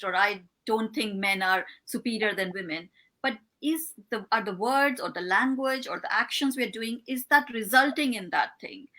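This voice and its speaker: A woman guest in an interview, a behavioural scientist explaining ideas in measured, step-by-step answers. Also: a little high, bright, forceful tone.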